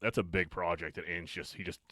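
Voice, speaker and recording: A man, co-hosting a casual podcast chat, loud and crude, laughing often. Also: deep voice, steady tone, brisk, no room sound. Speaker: podcast host.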